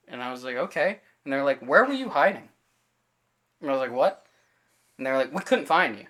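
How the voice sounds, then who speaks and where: A man's voice: medium pitch, brisk, fairly bright tone. A man co-hosting a podcast in casual chat, telling a story and acting out the quoted lines of everyone in it, with loose fillers and self-corrections. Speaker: podcast co-host.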